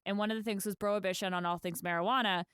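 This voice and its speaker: A woman's voice: medium pitch, steady tone, rapid-fire, a bit bright, clear, resonant tone, dry recording, studio quality. A woman co-hosting a podcast, talking casually and rambling, with lots of "like" and the odd swear. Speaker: podcast co-host.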